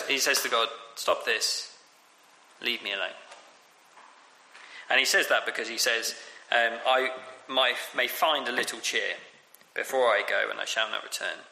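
A man gives a sermon in a bright, sharp-toned voice, talking it through casually with many ums and restarts. His voice rings around a large echoey hall with a long reverb tail. A faint room hum sits underneath. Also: mid-range voice, fairly even intonation, moderate pace, gravelly. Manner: conversational, many fillers and restarts. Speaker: preacher. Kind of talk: sermon on scripture.

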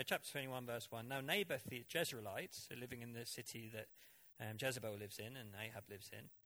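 Bright-voiced man preaching. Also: mid-range voice. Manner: animated, conversational Bible exposition. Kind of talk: sermon.

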